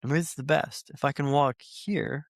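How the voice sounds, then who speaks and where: A man's voice: on the high side, steady tone, normal speed, creaky, no echo, clean studio sound. A man telling his recovery story as a podcast guest, like a practiced speaker, with repeated phrases for rhythm and speaking straight to the host. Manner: addresses the host directly.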